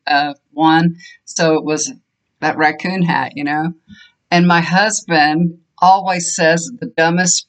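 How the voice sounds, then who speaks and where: Chatty older woman telling home stories. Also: sits low. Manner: rambling, chatty storytelling with fond laughter. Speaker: tarot reader and energy healer. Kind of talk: casual chat to viewers. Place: home room, fan switched off.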